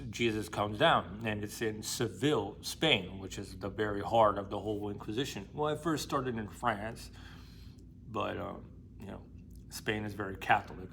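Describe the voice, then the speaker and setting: A man's voice: on the low side, fairly bright tone, slight background noise. A man retelling a classic novel for a book discussion channel, speaking loosely and rambling, with lots of fillers and casual slang.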